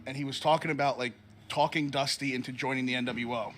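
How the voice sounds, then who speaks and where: A man, a former wrestler, telling anecdotes in a casual studio chat, animated and acting out the other people in his stories. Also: mid-range voice, quick pace, a little hiss or hum. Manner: animated, acts out voices in anecdotes, lots of fillers. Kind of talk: casual storytelling.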